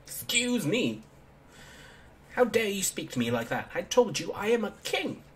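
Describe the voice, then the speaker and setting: A man reading along in a raised, shrill voice as an indignant boy king. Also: sing-song, unhurried.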